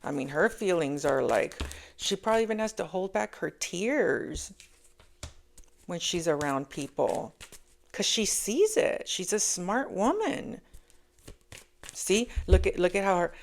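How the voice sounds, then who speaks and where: A woman's voice: fairly low pitch, lively intonation, unhurried, gravelly, slight background noise. A woman giving a casual spoken tarot reading, talking emphatically and repeating key phrases for weight. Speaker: tarot reader.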